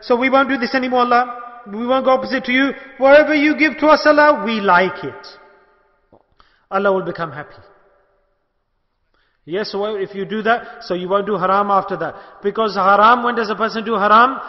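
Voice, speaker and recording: High-voiced man preaching in a reverberant hall. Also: brisk. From United Kingdom. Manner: impassioned, rhetorical questions, shifts between soft and loud. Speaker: sheikh giving a religious talk. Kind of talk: sermon. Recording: long hall reverb, dull lo-fi sound.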